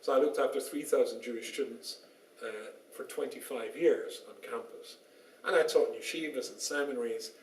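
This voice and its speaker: A man's voice: medium pitch, normal speed, distant mic. A man, a rabbi giving a public lecture in a synagogue, telling stories in a wry, self-deprecating way. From northwest England. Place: synagogue hall. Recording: roomy echo, voice from afar.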